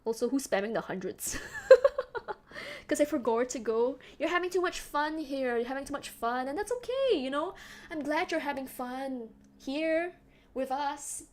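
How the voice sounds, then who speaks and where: A woman's voice: high voice, expressive, moderate pace. A young woman from Singapore with a slight British-sounding accent, chatting casually with her stream viewers, giggling often and reading chat aloud.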